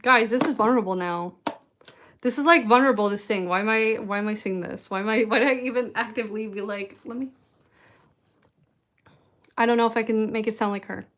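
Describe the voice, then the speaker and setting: A woman's voice: a little high, fairly quick, pauses often, fairly bright tone, a little hiss or hum. A woman streaming live, chatting casually and rambling in a self-deprecating way to her viewers. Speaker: streamer answering chat.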